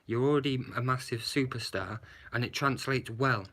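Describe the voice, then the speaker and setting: A man's voice: mid-range voice, moderate pace, a bit bright. A man giving a blunt, sarcastic movie review, swearing and adding "yeah?" to his points. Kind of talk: casual movie review rant.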